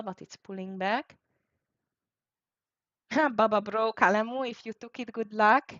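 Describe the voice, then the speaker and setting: Calling out prices and worrying aloud about the market, a woman runs a live trading stream. She has a lowish voice with no echo, captured in dry, dull lo-fi sound.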